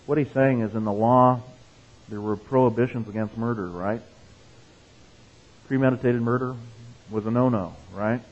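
A male pastor preaching in an easy, conversational way. He reads scripture with lifted emphasis and keeps asking "right?" to draw in his listeners. The sound is narrow and phone-like, with a medium-pitched voice. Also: normal speed, pauses often. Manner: conversational, checks in with "right?" and "okay?"; reads scripture with rising emphasis, tells jokes. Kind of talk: sermon.

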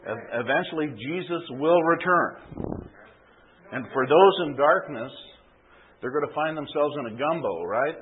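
This pastor's medium-pitched voice is slightly rough. Preaching a sermon, he narrates an illustration story and keeps checking in with "okay?", all captured in tinny, phone-like sound.

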